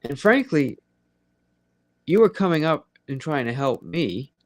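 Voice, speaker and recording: A man's voice: fairly high pitch, big pitch swings, a little slow, dry recording. Profane, rambling late-night chat host man. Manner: teasing, talks straight to his listeners. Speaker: host of a live audio chat room.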